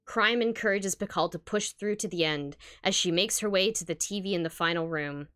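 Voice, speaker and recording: A woman's voice: fairly low pitch, a little fast, fairly bright tone, smooth. A woman streamer reading fan fiction aloud, laughing often and gushing with praise. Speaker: streamer host.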